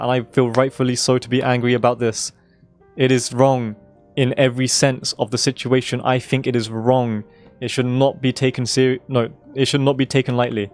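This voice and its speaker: A hoarse young man rants to his stream, hammering his points home by repeating them and swearing freely. His voice sits in a middle pitch, with a little music playing softly behind him. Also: flat delivery, normal speed. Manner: emphatic, swearing, repeating himself for stress. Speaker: game streamer. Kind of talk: casual live-stream rant.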